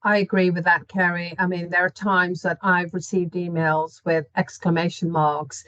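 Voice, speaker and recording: A woman's voice: lowish voice, flat delivery, moderate pace, a bit bright, dry recording. Earnest woman on a dull video call. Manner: earnest, acts out her own inner reactions. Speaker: panelist. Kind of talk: casual video-call discussion.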